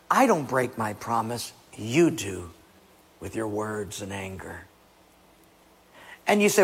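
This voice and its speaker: A man's voice: mid-range voice, lively intonation, a little slow, gravelly, breathy edge. A man preaching a sermon emphatically, often dropping to a near-whisper, in a church hall. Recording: long hall reverb.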